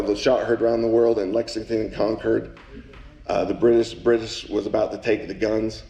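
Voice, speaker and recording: A man giving a live speech at a public celebration, folksy, with jokes for the crowd, and slow and emphatic on his key lines. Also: lowish voice, mellow. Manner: folksy, joking asides with the crowd. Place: event hall. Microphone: handheld mic at a podium. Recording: echoey room.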